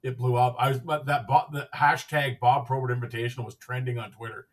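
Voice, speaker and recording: A man hosts a podcast and tells a loose, rambling story, slipping into the other people's lines as he goes. His voice is husky, at a middle pitch for a man. He sits a little back from the microphone. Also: steady tone, brisk, recorded from a distance. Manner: rambling, acts out quoted dialogue with "I'm like". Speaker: podcast host. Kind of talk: casual storytelling.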